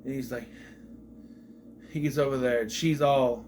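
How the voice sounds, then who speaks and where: A man's voice: a little high, brisk, pauses often, slight background noise. A man giving a casual spoken film review, retelling scenes with incredulous rhetorical questions. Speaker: movie reviewer.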